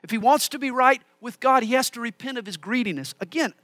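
A man's voice: very high-pitched, animated, quick pace, pushed and bright, dry recording. A man preaching a sermon, teaching through a Bible passage verse by verse with explanatory asides.

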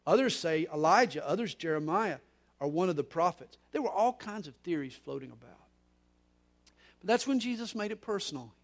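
A man preaching a sermon as pastor, moving between soft, low stretches and loud, emphatic ones, with occasional repeated words. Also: animated, moderate pace. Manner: preaching with wide swings in loudness, from soft to emphatic.

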